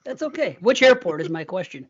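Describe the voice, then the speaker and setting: A man's voice: high-pitched, very animated, a little fast, lo-fi sound, crowd noise. An American man co-hosting a podcast, chatting casually and asking lots of curious questions. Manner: curious, asks many questions. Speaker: podcast co-host. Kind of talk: casual chat.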